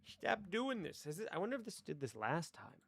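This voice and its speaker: Gravelly-voiced man streaming casually. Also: high voice, sing-song, brisk, fairly bright tone. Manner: chatty, rambling, fiddles with mic settings while talking to chat. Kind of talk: casual live-stream chat. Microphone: desk microphone.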